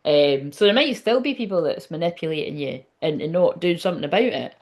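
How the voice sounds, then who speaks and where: A woman's voice: low voice, lively intonation, fairly quick. A woman, hosting a casual livestream as a psychic medium, chatty and rambling, swearing and laughing as she goes.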